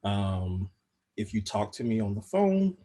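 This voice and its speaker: Husky low-voiced man, plain American. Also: measured pace. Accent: General American. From Southern United States. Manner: relaxed storytelling with frequent light laughs. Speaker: panelist. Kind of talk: panel discussion over video call. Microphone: video call.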